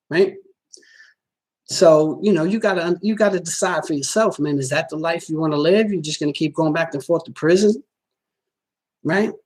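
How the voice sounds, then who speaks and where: A man's voice: a little high, slightly rough. A man hosting a livestream and answering viewer comments, swearing a lot and talking straight to his audience in a boastful, streetwise way. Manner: talks straight at viewers, often asking if they follow. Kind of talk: casual livestream chat.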